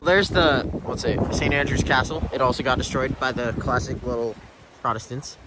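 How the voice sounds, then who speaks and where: A man's voice: medium pitch, fairly even intonation, moderate pace. A young man chatting casually in a travel vlog, upbeat and easygoing, walking outdoors with a handheld camera. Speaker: travel vlogger. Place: outdoors in a town. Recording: loud outdoor street noise.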